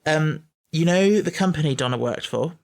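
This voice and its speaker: A man in his thirties, talking in a relaxed, conversational way as a podcast co-host. He explains the details of a story with easy confidence and now and then teases his co-host. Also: fairly high pitch, moderate pace, creaky. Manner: knowledgeable, explains lore, teasing. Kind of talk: casual chat.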